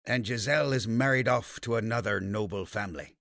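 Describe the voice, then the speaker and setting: A man's voice: lowish voice, brisk, gravelly, a bit bright, no echo, clean studio sound. A man voicing a sneering noble son. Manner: sneering and contemptuous. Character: scornful arrogant disinherited noble son.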